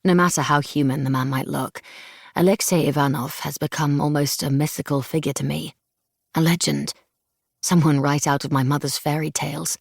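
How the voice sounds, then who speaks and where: A woman narrating a novel in first person, measured and hushed, on a close studio mic. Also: low voice, fairly even intonation, gravelly, dry recording. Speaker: audiobook narrator. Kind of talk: scripted narration.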